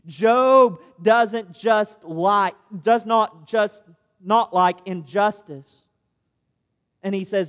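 A man's voice: high-pitched, very slow, a bit bright. A man preaching a sermon as a pastor, earnest and posing rhetorical questions to his listeners. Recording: long reverb of a large hall.

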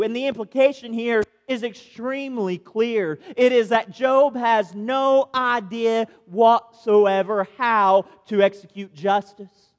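A man's voice: very high voice, steady tone, unhurried. A man preaching a sermon as a pastor, earnest and posing rhetorical questions to his listeners. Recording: long reverb of a large hall.

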